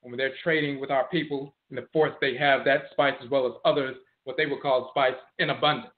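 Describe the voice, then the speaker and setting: A man's voice: medium pitch, steady tone. Man lecturing over tinny phone-like audio. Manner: explains slowly, repeats and spells out words. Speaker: teacher of ancestral religion. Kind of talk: lecture on history and etymology.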